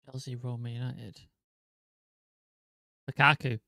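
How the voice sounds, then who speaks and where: A man, a podcast co-host playing a football quiz, swearing casually and mumbling low asides. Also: level tone, slow pace, creaky, sharp tone, dry recording, studio quality. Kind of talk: casual chat.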